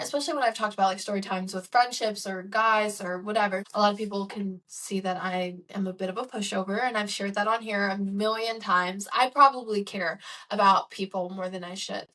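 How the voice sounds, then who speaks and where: Young woman, mid-pitched podcast host, reflective and candid solo monologue. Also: a bit bright, recorded from a distance. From Chicago. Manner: earnest and candid, many "like" and "um" fillers.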